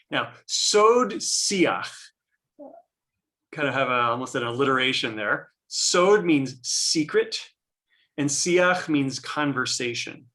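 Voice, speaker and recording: A man's voice: a little high, bright, forceful tone. A man teaching a class on a prayer text, explaining as he goes and often restarting his sentences. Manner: explanatory, thinking aloud with many restarts.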